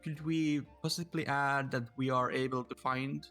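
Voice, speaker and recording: A man playing a tabletop game, negotiating in halting, self-correcting sentences. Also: medium pitch, fairly even intonation, a bit bright, soft background music. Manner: hesitant, restarting often. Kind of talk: casual chat.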